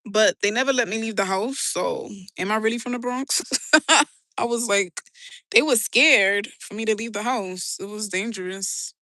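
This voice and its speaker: A woman's voice: mid-range voice, normal speed, bright, forceful tone, no room sound. A young woman with a New York accent, chatting casually on a livestream, slangy and laughing often as she answers her chat. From New York City. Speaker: live streamer reading chat.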